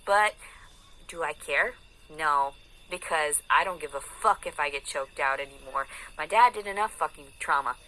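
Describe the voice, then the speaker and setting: A woman's voice: low-pitched, moderate pace, sharp tone, slight background noise, poor audio. A woman in an angry, profane rant, taunting and aggressive, swearing constantly. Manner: mocking sing-song put-on voices.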